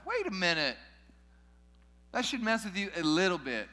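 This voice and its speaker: In a big church hall full of long, lingering reverb, a man preaches at a measured pace. His bright, slightly high voice has a forceful edge, and his easygoing, conversational sermon includes joking asides to the congregation.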